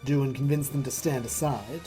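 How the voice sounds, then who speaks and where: A man running a tabletop game as game master, easygoing and quick with replies. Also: mid-range voice, steady tone, over music.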